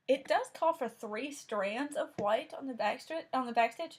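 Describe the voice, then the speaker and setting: Relaxed woman chatting about her crafts. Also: on the high side, normal speed, hardly any pauses. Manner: relaxed, thinking aloud with small restarts. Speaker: crafting vlogger. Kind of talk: casual show-and-tell chat.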